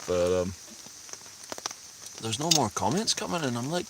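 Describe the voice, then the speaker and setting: A man's voice: mid-range voice, big pitch swings, a little slow. A man chatting casually and a little tipsily on a live stream under a tarp in a rainy forest at night. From Scotland. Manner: chatty, tipsy and laughing easily. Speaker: vlogger. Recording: faint rain noise outdoors. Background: rain on the tarp.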